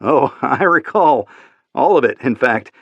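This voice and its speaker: A man's voice: mid-range voice, expressive, unhurried, dry recording, lo-fi sound. A man voicing a bashful lover. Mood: sheepish. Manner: hesitant, with fillers. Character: bashful American man, nervous new lover.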